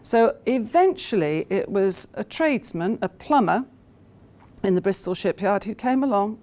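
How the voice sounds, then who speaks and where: A woman's voice: medium pitch, animated, normal speed, a little mellow. A woman giving a conference talk, telling anecdotes with many hesitations and fillers. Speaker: conference speaker.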